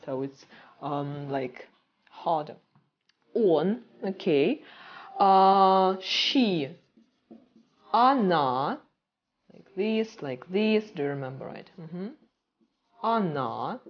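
A woman teaching a beginner language class, patient and repetitive, often checking understanding with "right?" as she repeats words slowly. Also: sits low, husky, highs cut off.

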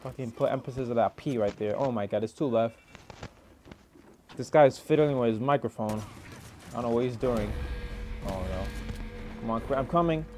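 A young man giving rambling, excitable live commentary over a match, swearing often and filling gaps with "like" and "oh my god.". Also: medium pitch, normal speed, pauses often, soft background music. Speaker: gaming streamer.

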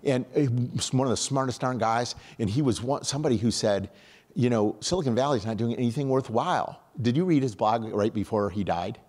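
An older man from upstate New York giving an animated, conversational conference talk, often restarting his sentences. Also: mid-range voice, fairly quick. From upstate New York, USA. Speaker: conference speaker.

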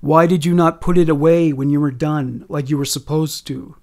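A harsh, domineering father figure, read by a man in a spoken true story. He gives orders in a commanding, menacing way, in a slightly high voice. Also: fairly even intonation, normal speed, a little mellow, natural voice.

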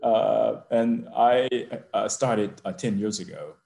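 A creaky, dark, low voice belongs to an older man, a university president, speaking over a video call from his office. He tells a heartfelt personal story slowly and with emotion, building to rousing emphasis.

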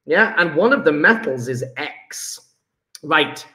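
Chatty teacher in an echoey room. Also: male voice, on the high side, animated, slow pace, pushed and bright. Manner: chatty, jokey, reads out pupils' chat. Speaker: chemistry teacher. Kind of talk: live online lesson.

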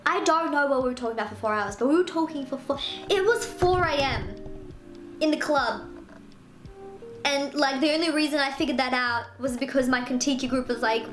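A young woman talks through a casual storytime, chatty and peppered with "like" as she acts out other people's words. Her voice sits high. The room is echoey, with faint music underneath. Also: animated, a little fast. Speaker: vlogger.

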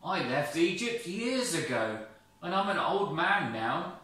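A shy old shepherd pleads in an anxious, raised voice, as a man puts him on while telling the story. The sound is bright and carries a heavy echo from far off the mic. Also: fairly high pitch, big pitch swings, slow, pitched above the performer's own voice, exaggerated voice. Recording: very echoey, from a distance.

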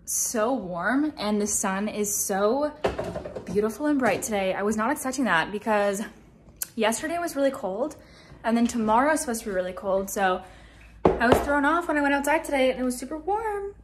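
A woman's voice: a little high, lively intonation, moderate pace, background noise. A young woman in her twenties, a law student and vlogger, talking to camera in a chatty, playfully dramatic way. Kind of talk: casual vlog chat to camera.

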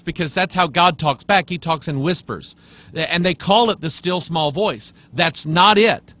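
A male pastor preaching a sermon, reading passages aloud and rebutting them with emphasis, sometimes dropping to a low hush. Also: expressive, unhurried.

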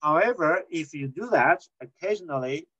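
A man with a Chinese accent lectures on technical writing in a patient, explanatory way. He often pauses to say "okay" before moving on, and his voice sits a bit higher than most men's. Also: lively intonation, pushed and bright, highs cut off. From China. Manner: explanatory, frequent "okay" check-ins, non-native grammar. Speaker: university lecturer.

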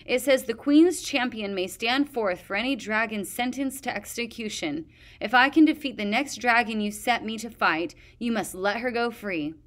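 Woman reader voicing a young female dragon in a storybook, high and shrill, shaky and pleading. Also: normal speed, natural voice. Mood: resolute.

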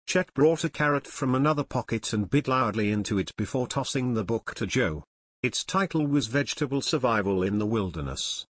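A man's voice: medium pitch, animated, fairly quick, a bit bright, dry recording. Male audiobook narrator, dry sound. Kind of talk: scripted narration.

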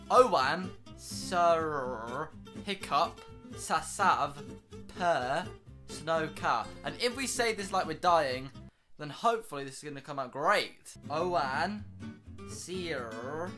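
A young man filming a casual vlog, excitable and swearing freely as he laughs at himself at home. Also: fairly high pitch. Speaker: YouTuber.

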